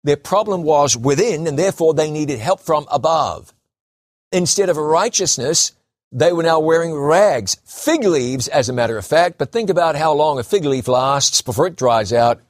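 A man preaching a sermon, emphatic, slowing down and repeating key phrases for stress. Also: on the high side, animated, dry recording, clean studio sound.

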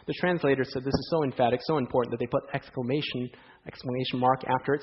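A man preaching a sermon, telling stories in a lively way and asking the audience rhetorical questions. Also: fairly high pitch, fast. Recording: dull lo-fi sound in a hall with long reverb.

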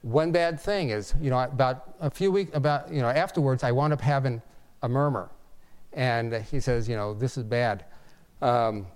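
A man in his sixties, a physician, tells his own story in an earnest, halting way, often restarting his sentences. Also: medium pitch, a little mellow, clear, resonant tone. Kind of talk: personal testimony, storytelling.

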